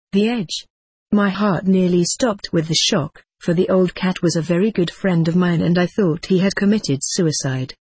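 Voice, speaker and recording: An audiobook narrator reading a first-person story in a measured, unhurried way. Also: medium pitch, darkish tone, husky, no echo.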